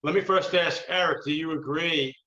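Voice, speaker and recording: A man co-hosting a talk show, making measured, lawyerly points. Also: fairly high pitch, sharp tone. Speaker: co-host. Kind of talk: casual panel talk. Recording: echoey, dull-sounding room.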